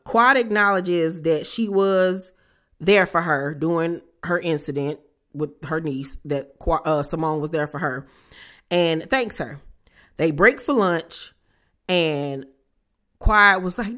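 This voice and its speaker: A woman's voice: fairly low pitch, a little slow, fairly bright tone. A woman reviewing a reality TV show on her own channel, talking casually in a sassy, slangy way with playful asides. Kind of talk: casual chat.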